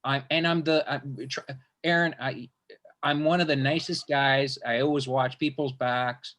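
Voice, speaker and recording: A man's voice: mid-range voice, fairly even intonation, a little slow, fairly bright tone. A man hosting an interview, telling a long casual story as a stand-up comedian, rambling with many restarts and swearing freely.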